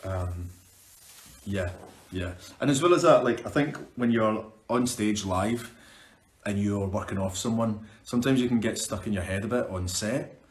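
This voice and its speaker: A man's voice: lowish voice, moderate pace. A young Scottish man, an actor, chatting upbeat on a live stream as he answers viewer questions. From Scotland. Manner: chatty, upbeat, restarts words. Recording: roomy echo.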